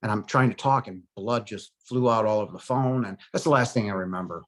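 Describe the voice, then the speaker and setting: Man, forties, lowish voice, earnest personal testimony, halting speech, hushed emotional stretches. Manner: earnest, halting, frequent "you know" and "um". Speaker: near-death experience survivor.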